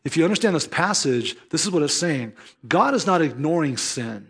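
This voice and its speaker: A man's voice: a little high, big pitch swings, normal speed, slightly rough. A man preaching a sermon as pastor, earnest and emphatic, mixing scripture with storytelling.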